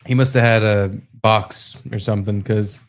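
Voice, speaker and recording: A man co-hosting a podcast, chatting casually and telling a story, swearing and acting out quotes in high voices. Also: steady tone, normal speed. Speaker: podcast co-host. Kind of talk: casual chat.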